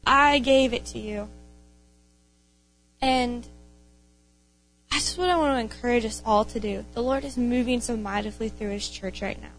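A woman's voice: fairly high pitch, moderate pace, long pauses, faint music behind, low-quality recording. A young woman giving an informal sermon to her church, earnest and passionate, repeating phrases for emphasis. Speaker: young speaker in a church gathering.

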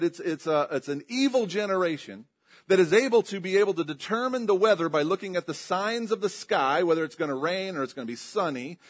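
Emphatic preacher man, slightly high voice. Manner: emphatic, rising and dropping in pitch and volume; asks the congregation questions. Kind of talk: sermon.

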